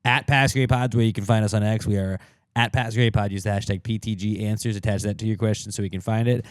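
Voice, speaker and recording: Joking podcast co-host man, low voice. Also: steady tone, fast talker, smooth, no echo. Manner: joking, riffs on silly voices, reads show plugs. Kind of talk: casual chat.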